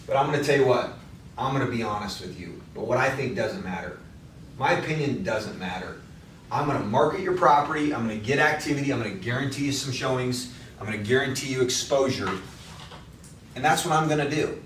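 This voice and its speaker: A man's voice: medium pitch, expressive, a little fast, fairly bright tone, slight background noise. A man giving a casual workshop talk to real estate agents, blunt and conversational, coaching them. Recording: echoey room from far off.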